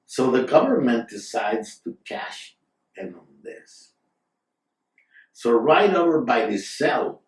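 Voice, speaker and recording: A man telling a long story at a very slow, unhurried pace, wandering into asides and filling gaps with "uh." His voice sits at a middling pitch and is picked up from across a room, with a noticeable echo. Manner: rambling, digressive, with fillers and asides. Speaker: storyteller, guest. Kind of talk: casual spoken storytelling. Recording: roomy sound from a distant mic.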